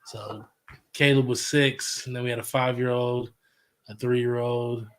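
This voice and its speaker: A man in his thirties with a mid-pitched voice, trading crude, joking stories in a relaxed podcast chat. He swears freely and tells his stories with a comic edge. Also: unhurried. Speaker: podcast co-host. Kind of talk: casual chat.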